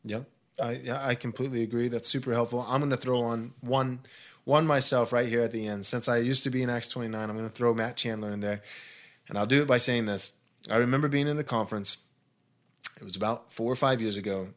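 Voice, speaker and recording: A man's voice: mid-range voice, fairly quick. A man, a pastor hosting a podcast, telling a long story in casual conversation, growing more heated with frequent restarts. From United States. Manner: animated, rising intensity when indignant, frequent restarts.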